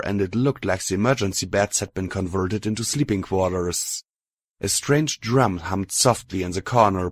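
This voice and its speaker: Low-voiced man reading an audiobook. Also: a little hiss or hum, low-quality recording. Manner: steady storytelling, voices every character. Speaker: audiobook reader. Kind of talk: audiobook narration of fan fiction.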